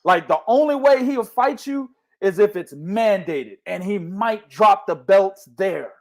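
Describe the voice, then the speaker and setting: A young man hosting a boxing chat with a high voice that leaps all over the place. His talk is loud, slangy and full of swearing, swinging from low mutters to full shouts. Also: expressive, measured pace. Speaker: host of a boxing talk show. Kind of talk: casual boxing chat with heavy profanity.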